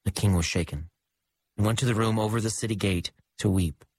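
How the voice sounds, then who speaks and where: A man reading scripture aloud in a measured, solemn liturgical style. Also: lowish voice, darkish tone, no echo, low-quality recording. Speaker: liturgical reader. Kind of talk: scripture reading and chanted responsory.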